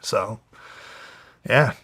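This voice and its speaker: A man in his twenties from New Jersey, a fighter telling a personal story in a candid, animated way, swearing heavily and acting out the people he quotes. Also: drawn-out words. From New Jersey, USA. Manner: heavy swearing, animated retelling with quoted voices. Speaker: guest, pro fighter.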